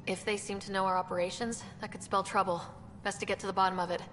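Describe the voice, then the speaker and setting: An actress voicing a calm, steady young woman who leads as pathfinder, with a measured, composed way of talking. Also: medium pitch, long reverb tail, faint music behind, close to an everyday voice.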